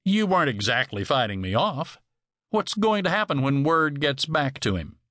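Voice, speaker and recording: A man's voice: a little high, sing-song, normal speed, a bit bright, no echo, studio quality, voice pushed up. A male narrator voicing a wary cowboy drifter who asks plain, guarded questions.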